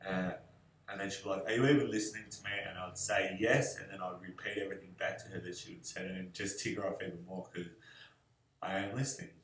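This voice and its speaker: A young man answering questions about his fiancée in a relaxed, rambling way, with many fillers. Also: sits low, brisk, slight background noise. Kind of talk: casual video answers. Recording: echoey room.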